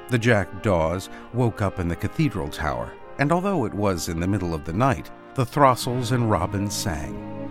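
A man reading a storybook aloud in a gentle, expressive read-aloud manner with soft dips. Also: fairly low pitch.

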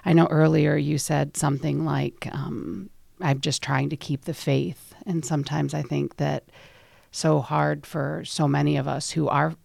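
A woman hosting an interview, gently summarizing and sympathetic toward her guest. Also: deep voice, level tone, unhurried, creaky, no echo. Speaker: interview host.

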